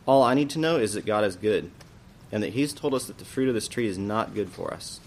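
A man's voice: fairly low pitch, expressive, a little fast, a little hiss or hum. Eve, a trusting first woman, as a male teacher reads her reply. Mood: earnest.

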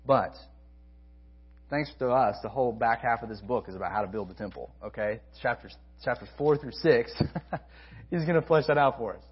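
A husky-voiced man preaches with emphatic stresses, repeating his key phrases and dropping into quiet asides. The recording is dull and lo-fi, and his pitch sits in an ordinary middle range. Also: normal speed. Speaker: college ministry preacher. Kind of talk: sermon.

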